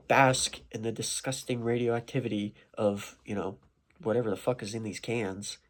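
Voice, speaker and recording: Rambling low-voiced man at his desk. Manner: rambling and meandering, with many fillers and profanity. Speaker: vlogger. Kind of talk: casual rambling commentary.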